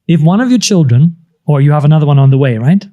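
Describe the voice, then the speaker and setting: A man in his thirties, a business coach, explaining ideas in conversation and acting out inner voices with sudden high-pitched outbursts. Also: animated, fast, warm tone, muffled recording.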